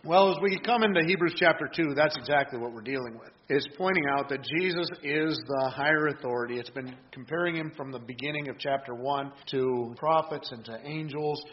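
Earnest pastor, slightly high voice. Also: male voice, a little fast, hardly any pauses, lo-fi sound, slight background noise. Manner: earnest, plain-spoken teaching with frequent restarts. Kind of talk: conversational sermon.

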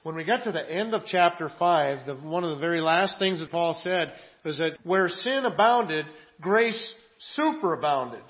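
A man preaching a sermon in an earnest style, moving from quiet asides to loud, emphatic readings of scripture. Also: on the high side, expressive, moderate pace, few pauses, lo-fi sound. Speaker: pastor.

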